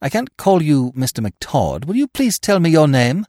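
A determined young woman who snaps out short, clipped demands, as a man reads her part. Her voice sits higher than his own and swings widely in pitch. The recording is close and dry. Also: sing-song, normal speed, dark tone, no room sound. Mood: snappish. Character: young woman, brisk, determined, sharp-tongued.

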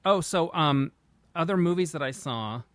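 A man co-hosting a casual chat in a relaxed, wry manner. His voice sits a little high, and he talks easily and conversationally. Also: normal speed, no room sound.

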